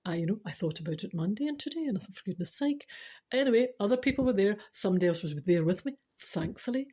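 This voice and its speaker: Older Scottish woman, vlogger: mellow husky tone, chatty storyteller with earnest spiritual asides. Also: medium pitch, fast talker. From Scotland. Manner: chatty, laughing, animated storytelling. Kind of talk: casual storytelling to camera.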